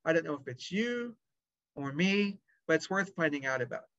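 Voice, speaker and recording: Animated storytelling male doctor. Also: on the high side, normal speed. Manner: animated storyteller acting out dialogue. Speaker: pediatric lung doctor. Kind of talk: storytelling talk. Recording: dry, dull lo-fi sound.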